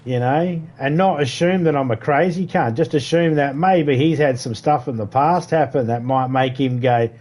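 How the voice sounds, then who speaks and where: A man's voice: mid-range voice, normal speed, few pauses, a little mellow. A middle-aged man, chatting casually and swearing freely while streaming a game. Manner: profane, rambling storytelling. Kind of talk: casual chat while gaming.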